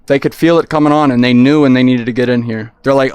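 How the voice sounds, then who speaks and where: A man chatting casually on a livestream, rambling and excitable, often restarting his sentences. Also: medium pitch, quick pace, clean tone, dry recording.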